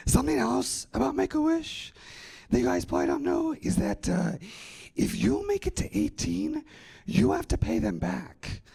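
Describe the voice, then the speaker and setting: Raspy high-voiced guy doing standup, lots of fry, dry self-deprecating jokes. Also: huge pitch swings, normal speed, dark tone. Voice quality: raspy, gravelly voice. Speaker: stand-up comedian. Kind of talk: stand-up set. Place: comedy festival stage.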